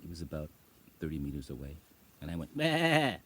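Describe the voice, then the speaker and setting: Low-voiced man rambling outdoors on a farm. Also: flat delivery, fast talker, dark tone, slightly rough. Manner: rambling, laughing, acts out voices. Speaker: vlogger. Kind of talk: casual talk to camera.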